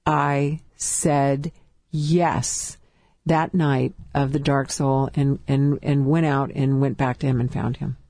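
A woman's voice: low-pitched, creaky, mellow, no room sound. A woman from California tells her personal story as a guest on a talk show. She speaks with emotion, stops often and starts her sentences again. The sound is dry and close, with no room around it. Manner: emotional, halting, with restarts. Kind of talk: personal testimony.

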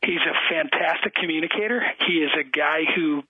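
A man's voice: fairly high pitch, brisk, husky, no echo. A man, an athletic director being interviewed on radio, talking with enthusiasm and frequent restarts. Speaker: high school athletic director. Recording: tinny phone-like radio sound.

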